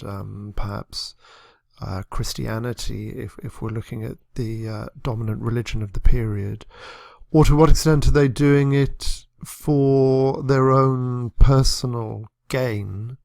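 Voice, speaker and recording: A man's voice: medium pitch, vocal fry, no echo, clean studio sound. A man teaching a literature lesson on a poem, thoughtful and hesitant, with many fillers and restarts. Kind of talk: lecture on poetry.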